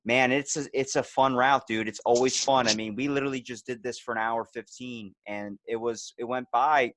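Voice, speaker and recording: A male podcast host chats casually, telling stories in an animated way and jumping into little voices. His pitch is middling for a man. The sound is dry and close to the mic. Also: normal speed, no echo. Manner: animated storyteller who slips into voices.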